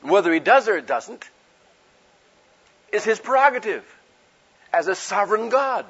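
Man preaching, high voice, husky tone, folksy rhetorical questions, dull lo-fi recording. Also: big pitch swings, a little slow, fairly bright tone. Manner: folksy, conversational, rhetorical questions, acts out quotes. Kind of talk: sermon.

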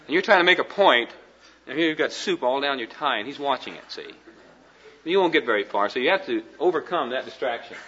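A man's voice: medium pitch, pushed and bright, dull audio. A man teaching a class on communication at a board, folksy and conversational, often checking in with his listeners. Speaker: Christian ministry teacher.

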